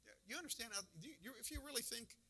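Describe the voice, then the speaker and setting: Bright-voiced male pastor preaching. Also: extremely high pitch, expressive, very fast. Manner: conversational preaching with rhetorical questions. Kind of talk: sermon. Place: church.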